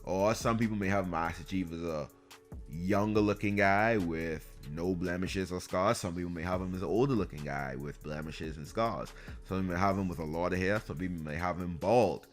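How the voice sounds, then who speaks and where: A man giving an exasperated, sarcastic ranting review of a video game series. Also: deep voice.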